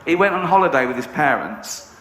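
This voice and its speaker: A man's voice: on the high side, expressive, brisk, fairly bright tone. An English comedian telling a comic story and laughing as he goes. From England. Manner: laughs through his stories. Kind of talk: stand-up storytelling. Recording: echoey room with background noise.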